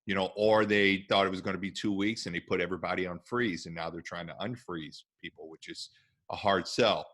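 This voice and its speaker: Affirming man podcast host, low voice. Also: fairly even intonation, a little fast, a bit bright. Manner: responsive, exclaims, affirming. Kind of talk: casual podcast interview.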